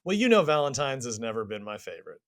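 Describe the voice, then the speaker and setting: A man in his forties co-hosting a podcast, a little nasal and low on energy from a cold, telling a story wryly. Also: very animated, fast talker. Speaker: podcast co-host. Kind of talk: casual storytelling.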